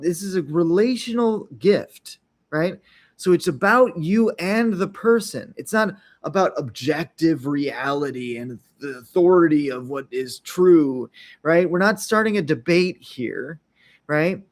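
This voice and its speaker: A man hosting an unscripted podcast, talking in a loose, rambling way, often checking in with "right?" and briefly acting out little quotes. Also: fairly high pitch. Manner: rambling, frequent tag questions, acts out little quotes. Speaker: podcast host.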